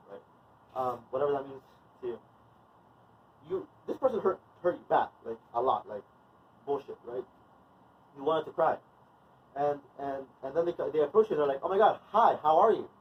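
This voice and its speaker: A man's voice: medium pitch, normal speed, pauses often. A man leading a movement and wellness class in a loose, conversational way, full of fillers and restarts. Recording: distant mic, dull sound, faint noise.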